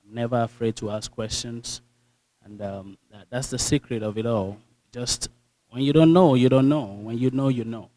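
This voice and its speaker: A young man with a Nigerian accent giving an earnest, animated motivational speech to an audience, telling stories and acting out the dialogue. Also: mid-range voice, moderate pace, poor audio. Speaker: speaker.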